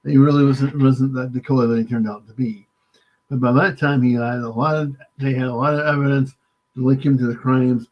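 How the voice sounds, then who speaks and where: A man from the United States, guest author in an interview, halting and polite, often saying "sir". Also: mid-range voice, steady tone. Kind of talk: casual interview. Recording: dull lo-fi remote line.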